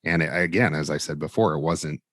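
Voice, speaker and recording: A man with a low, deep voice recounts a training story as a guest instructor on an interview. He tells it casually and acts out each quoted line. The sound is dry and close. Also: a little fast, no room sound. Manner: animated, acts out quoted dialogue.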